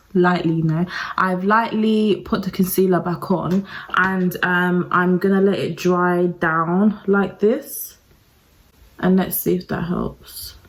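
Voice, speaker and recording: A woman's voice: lowish voice, fairly even intonation, slow pace, rough recording. A woman talking through a makeup tutorial, chatty and self-deprecating, addressing her viewers directly. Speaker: beauty vlogger. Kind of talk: casual makeup tutorial talk.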